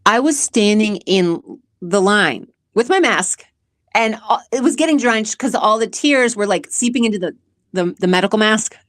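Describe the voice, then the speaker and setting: A woman of medium pitch hosts her podcast at a normal speed, her expressive voice recorded without room sound. She talks casually and earnestly about relationships, rambling and emotional, nearly tearful at moments.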